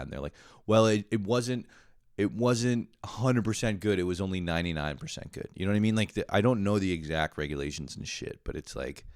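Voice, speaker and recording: A man's voice: very deep voice, smooth, no room sound, clean studio sound. A man hosting a podcast, talking in a rambling, profane casual monologue full of fillers. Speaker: podcast host.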